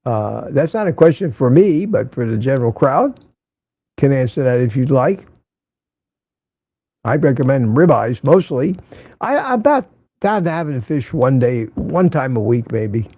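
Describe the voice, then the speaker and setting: Older male livestream host from Central Florida, rambling casual chat, husky and gravelly, dry close sound. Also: mid-range voice, big pitch swings, normal speed, warm tone, no echo. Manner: rambling, reads viewer comments aloud.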